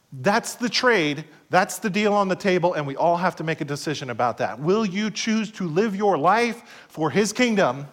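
Man, middle-aged, pastor, sermon, dramatic shifts in volume, acts out little skits, somewhat high pitch. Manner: preaching with dramatic swings from loud to hushed; acts out quoted voices in short skits.

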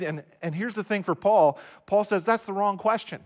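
Conversational male pastor, slightly high voice. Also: moderate pace, hardly any pauses, a little mellow. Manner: conversational, repeats words when restarting. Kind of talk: sermon. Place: recorded for online viewers at home.

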